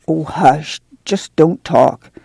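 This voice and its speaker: A woman voicing a weary, steady migrant mother who talks in a soft rural dialect. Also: low-pitched, takes it slowly, creaky, breathy edge, no room sound, studio quality, heavily acted. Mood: soothing, weary. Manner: soothing, firm, rural dialect. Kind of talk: dramatic book reading.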